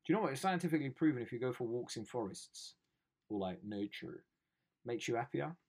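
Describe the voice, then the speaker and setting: A man's voice: medium pitch, lively intonation, a little fast, a little mellow, breathy edge. A young man, riffing sarcastically on news stories as host of a comedy show. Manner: joking, sarcastic, slangy.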